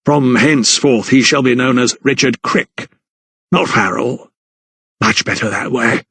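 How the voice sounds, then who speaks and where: A cold, scheming gentleman lawyer from a historical audiobook, drawling out each word with contempt, as a male narrator puts him on. The voice stays dry and close. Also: medium pitch, breathy edge, dry recording, exaggerated voice. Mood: disdainful. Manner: slow, disdainful, clipped.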